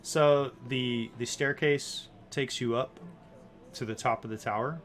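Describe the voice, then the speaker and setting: A man's voice: mid-range voice, fairly even intonation, unhurried. A man running a tabletop game as dungeon master, narrating scenes in a loose, descriptive way with many likes and ums.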